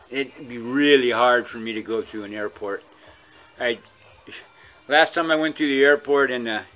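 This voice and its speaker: A man's voice: medium pitch, pushed and bright. A man vlogger from California telling a long story in a casual, rambling way, with many restarts.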